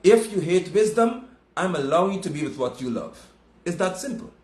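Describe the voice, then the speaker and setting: A man's voice: sits high, big pitch swings, brisk, a little mellow, reverberant. A man preaching a sermon, emphatic and scolding, repeating his points.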